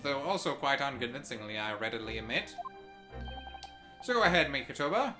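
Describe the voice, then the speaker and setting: Man playing a pompous gentleman detective, theatrical, swooping lively voice, music behind. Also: mid-range voice, a little fast, voice pushed up, close to an everyday voice. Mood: smug. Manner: theatrical, grandiose, gloating. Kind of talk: voice acting a game's dialogue.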